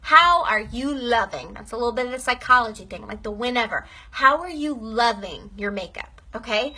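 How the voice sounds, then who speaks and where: Upbeat young woman with a bright voice. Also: fairly high pitch, fairly quick, breathy edge. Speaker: direct sales team trainer. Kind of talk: casual training talk.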